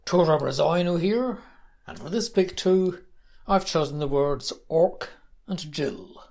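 Woman reading lively gravelly fiction. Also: deep voice, takes it slowly. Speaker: story contributor. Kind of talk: reading her own flash fiction.

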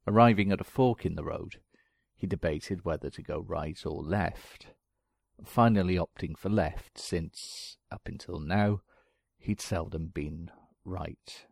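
A man's voice: sits low, measured pace, creaky, husky, dry recording. A man reading short stories aloud in scripted narration, with a dry, wry delivery. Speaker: storyteller.

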